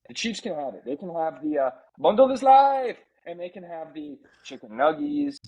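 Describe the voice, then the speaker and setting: A man co-hosting a casual sports podcast, ranting in an animated way and slipping into mock impressions. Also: fairly high pitch, brisk, husky, lo-fi sound. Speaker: podcast co-host.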